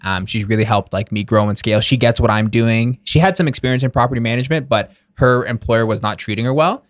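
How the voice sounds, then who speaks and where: A man's voice: medium pitch, fast, dry recording. A young man guesting on a podcast, talking in an eager, casual way and filling his sentences with "like". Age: young adult. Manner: enthusiastic, filler-heavy, says "like" a lot. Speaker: guest, real estate investor.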